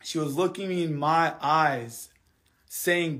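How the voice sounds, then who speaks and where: A man ranting angrily to his livestream viewers. He swears heavily, repeats himself, and swings between quiet, subdued stretches and heated outbursts. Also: on the high side, slow pace. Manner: angry, heavily profane venting; repetitive, drops quiet then heats up. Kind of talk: live stream rant to viewers.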